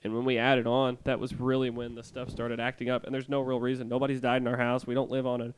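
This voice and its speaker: A man co-hosting a podcast, casually rambling through eerie personal experiences in an animated way. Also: mid-range voice, fast talker, slight background noise. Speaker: podcast co-host. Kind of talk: casual storytelling.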